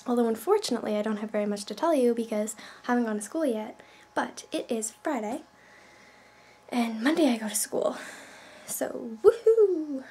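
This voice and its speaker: A woman's voice: fairly high pitch, fairly quick, darkish tone, husky. A woman from Canada, chatting casually in a vlog, rambling with lots of fillers. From Canada, New Brunswick. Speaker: vlogger.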